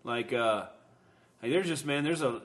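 A man's voice: mid-range voice, unhurried. A man in casual podcast chat, rambling and swearing freely, with lots of fillers. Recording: roomy echo.

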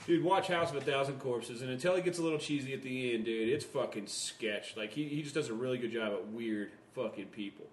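A man rambling through a casual chat, swearing freely and padding his sentences with fillers. His voice sits at an ordinary pitch, with a roomy echo around it. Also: a little fast, few pauses, slight background noise.

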